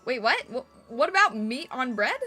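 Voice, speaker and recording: A high, bright-voiced woman chatting on a live stream, laughing easily as she reacts to her chat. She talks in a casual, playful way, with soft music running faintly behind her. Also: very animated, normal speed, slightly rough.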